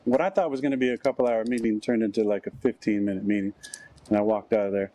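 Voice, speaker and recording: A man's voice: fairly low pitch, steady tone, quick pace, warm tone, low-quality recording. A man telling a story on a talk show, wryly acting out the dialogue he quotes. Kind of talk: anecdotal storytelling.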